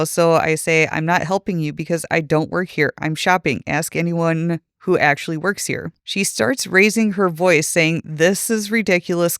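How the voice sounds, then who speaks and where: A man co-hosting a podcast, reading a forum story aloud in a steady storytelling way. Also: on the high side, clean tone, no echo, clean studio sound. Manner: steady storytelling read with quoted dialogue. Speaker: podcast co-host.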